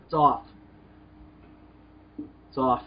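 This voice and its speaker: A man's voice: extremely slow, dull audio, a little hiss or hum. A man co-hosting a comedy podcast, riffing and swearing as he rates pictures. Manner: animated, swearing, rating pictures with jokes. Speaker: podcast co-host. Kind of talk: casual comedic banter.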